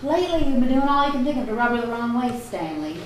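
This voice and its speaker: A woman's voice: a little high, fast, slight background noise. An actress playing a loyal wife who defends her sister and pleads with her husband, in an amateur stage play. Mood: defensive. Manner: pleading, protective, lively intonation. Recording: very echoey room, distant mic, clatter of dishes.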